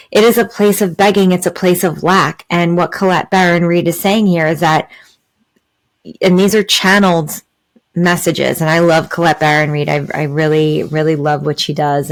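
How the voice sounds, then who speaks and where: Female podcast host, slightly low pitch, earnest and explanatory, filler-heavy spiritual talk. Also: low-quality recording. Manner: earnest, many fillers and "right?" asides.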